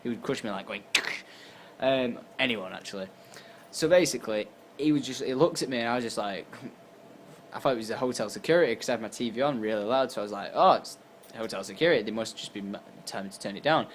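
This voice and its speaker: A man's voice: fast talker, slight background noise. Tired young man telling a story. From England. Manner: animated, acts out quotes with jumps in pitch and volume. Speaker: YouTuber. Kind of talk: casual storytelling to camera.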